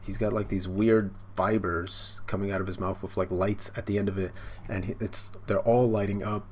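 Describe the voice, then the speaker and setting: A man's voice: lowish voice, level tone, moderate pace, darkish tone, slight background noise. A man casually reading through and reacting to a manga chapter for his channel, rambling, with many fillers and casual swearing.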